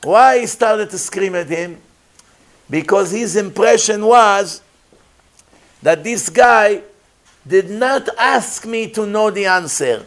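Male rabbi, Torah lecture; emphatic storyteller, slightly high voice, non-native English peppered with Hebrew. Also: slow pace, pauses often. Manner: emphatic, animated, switches into Hebrew phrases.

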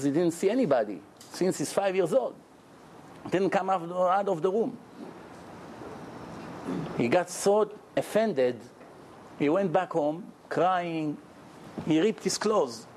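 Guy giving a torah talk, high voice, jokey storyteller, bit of hiss behind him. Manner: animated, jokey storyteller who acts out characters. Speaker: rabbi giving a Torah lecture. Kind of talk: storytelling sermon.

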